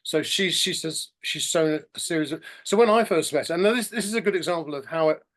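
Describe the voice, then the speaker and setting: A man's voice: a little high, a little fast, a bit bright. A middle-aged man telling long stories as a guest in a casual interview, often restarting his sentences and acting out what others said. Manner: rambling storyteller, many restarts and acted-out quotes. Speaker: podcast guest.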